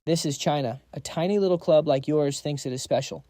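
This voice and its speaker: A man's voice: fairly high pitch, brisk, mellow, dry recording, close to an everyday voice. A man voicing a bossy powerful father. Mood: commanding. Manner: bossy and blunt. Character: proud powerful middle-aged father, boss.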